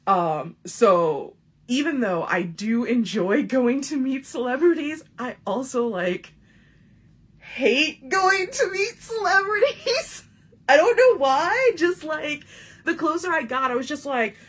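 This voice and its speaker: A woman in her thirties telling a funny personal story in a casual, profane, animated way, often laughing as she talks. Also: high-pitched, takes it slowly. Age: 30s.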